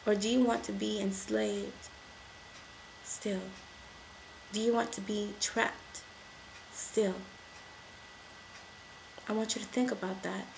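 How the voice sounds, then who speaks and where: A woman giving an emotional testimony to camera, repeating affirmations and rising to shouts. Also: mid-range voice, vocal fry, slight background noise, rough recording.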